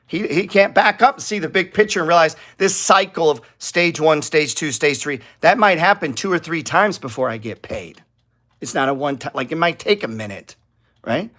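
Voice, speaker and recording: A man's voice: a little high, expressive, moderate pace, bright, forceful tone. A middle-aged man hosting a casual stock trading talk to viewers, blunt and profane, rambling and getting heated. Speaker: stock trading channel host.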